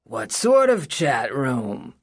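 Flamboyant male defense lawyer, put on by a woman narrator; slow, silky, mocking drawl, dry close sound. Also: rumbling low, very animated, slightly rough, dry recording, voice pushed down, full character voice. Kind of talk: audiobook character voice.

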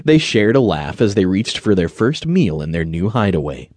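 Male audiobook narrator, husky and expressive, dry close studio sound. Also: sits low, moderate pace, dry recording. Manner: gentle storytelling. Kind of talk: scripted narration.

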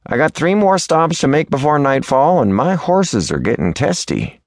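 A man voicing a gruff, older stagecoach driver in a Western audiobook. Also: fairly high pitch, sing-song, moderate pace, dry recording, clean studio sound, voice pushed up. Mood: impatient.

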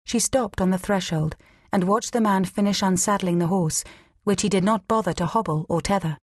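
A woman narrating an audiobook in a measured, steady reading. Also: medium pitch, dry recording, clean studio sound. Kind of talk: scripted narration.

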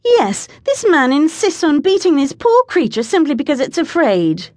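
A woman narrator voicing a spirited young lady of the gentry with an indignant, brisk manner. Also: a little high, sing-song, a little mellow, no echo.

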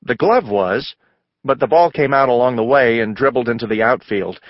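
A man's voice: moderate pace, no echo, lo-fi sound, natural voice. A man voicing a shy, hesitant young schoolboy in a storybook reading. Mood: unsure. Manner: hesitant, higher voice.

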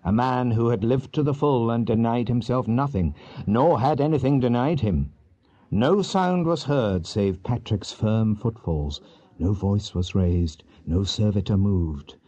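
A man narrating a historical novel in measured, expressive storytelling. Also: medium pitch, lo-fi sound. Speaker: audiobook narrator. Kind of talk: scripted narration.

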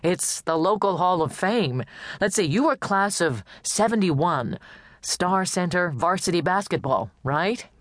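Woman narrator playing a pushy, short small-town police chief, gruff and curt. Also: sits high, expressive, a little slow, a bit bright, dry recording, studio quality. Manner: blunt, brusque, bossy.

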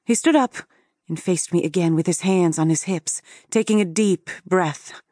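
A woman's voice: fairly low pitch, moderate pace, dark tone, no echo, studio quality. A woman narrating a first-person story for an audiobook in an intimate storytelling manner.

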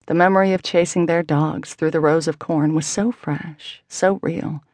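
A woman reading a contemporary novel aloud as audiobook narrator, in a measured, intimate storytelling manner. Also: low voice, fairly even intonation, darkish tone, no echo. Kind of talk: scripted narration.

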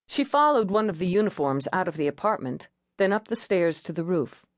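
A woman narrating an audiobook in a measured, expressive reading voice. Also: fairly low pitch, no room sound, studio quality.

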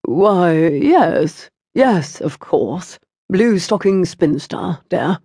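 A woman's voice: lowish voice, animated, extremely slow, mellow, husky, no room sound, studio quality, heavily acted. A woman voicing a distracted, bookish older father who mumbles vague agreement. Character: absent-minded bookish older gentleman, a father.

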